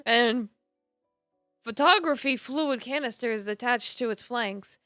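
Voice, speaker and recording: A woman's voice: fairly high pitch, slow, bright, forceful tone, no room sound, clean studio sound, faint music behind. Playful woman streamer reading a game. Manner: playful, self-mocking, laughs at her own voices. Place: home streaming setup.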